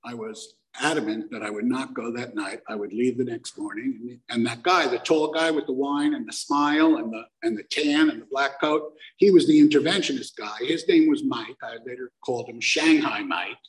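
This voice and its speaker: A man's voice: mid-range voice, normal speed, hardly any pauses, low-quality recording. A man telling a personal story to a live audience in a conversational, self-mocking way, acting out the voices he quotes.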